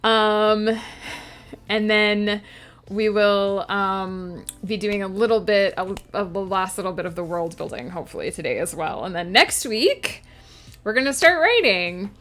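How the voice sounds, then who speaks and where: Woman streamer, giggly and chatty, bright lively voice, unhurried, faint music underneath. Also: mid-range voice. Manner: giggly, chatty, talks to viewers. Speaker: streamer and author. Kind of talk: casual livestream chat.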